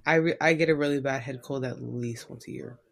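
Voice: mid-range voice, a little fast, gravelly, crowd noise. A podcast co-host in casual chat, emphatic and complaining, swearing casually.

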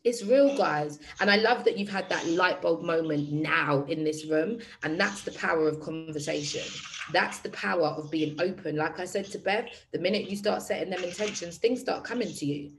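A woman's voice: fairly low pitch, moderate pace, a little hiss or hum, low-quality recording. A woman hosting a group session, speaking candidly and addressing the group directly in casual talk. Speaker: workshop host.

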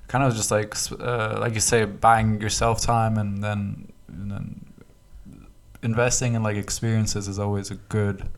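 A man's voice: on the low side, little pitch movement, a little slow. A young man co-hosting a podcast from his small apartment over a call, chatting in a laid-back, slangy way. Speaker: podcast co-host. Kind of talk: casual chat.

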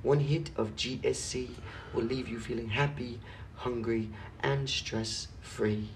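A man's voice: mid-range voice, steady tone, takes it slowly. A young man in casual chat, laid back and joking with a friend. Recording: distant mic, faint hiss.

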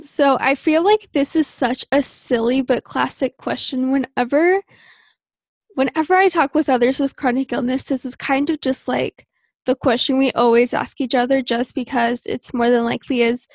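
A woman's voice: sits high, steady tone, normal speed, a little mellow, dry recording, studio quality. A woman guest on a podcast, chatting casually and earnestly about her own experiences.

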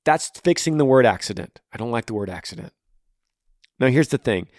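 A man's voice: medium pitch, animated, a little fast, a little mellow, dry recording, clean studio sound. A podcast host in his thirties answering a listener's question on grief, blunt and earnest, speaking in repeated rhythmic phrases. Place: home room.

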